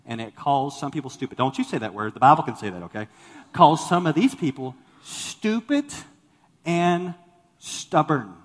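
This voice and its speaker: A man's voice: a little high, animated, moderate pace, big-room sound. A man preaching a sermon as a pastor to a congregation, talking animatedly and acting out the people he quotes. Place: church sanctuary with congregation.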